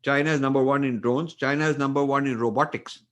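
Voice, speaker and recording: A man's voice: medium pitch, fairly even intonation, quick pace, a bit bright. An older man with an Indian English accent, an author answering interview questions emphatically, often repeating phrases and using fillers. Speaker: author and guest.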